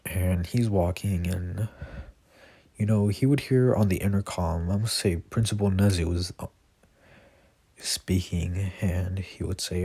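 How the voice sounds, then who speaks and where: This is a man improvising a fan story at home. He rambles, with many fillers and self-corrections. The voice is low, slow and gravelly, with a dark, husky tone. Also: fairly even intonation. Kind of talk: improvised fan-fiction narration.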